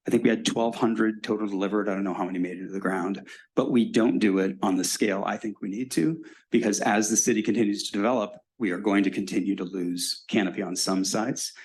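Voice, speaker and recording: A middle-aged man speaks with a fairly low voice, answering residents' questions as mayor at a city hall meeting. He talks frankly and explains things plainly in a conversational way. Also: darkish tone. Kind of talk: public meeting Q&A.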